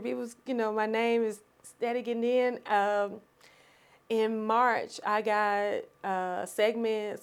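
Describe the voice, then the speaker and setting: A woman, a podcast guest telling her story in an animated, expressive way and laughing often. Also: mid-range voice, clean tone. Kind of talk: storytelling in conversation.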